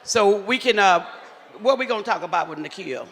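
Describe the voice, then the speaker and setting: A man, emceeing a live event with loud, teasing crowd banter on a handheld mic. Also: sits high, expressive, brisk. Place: large hall at a live event. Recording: echoey hall with faint ambient noise.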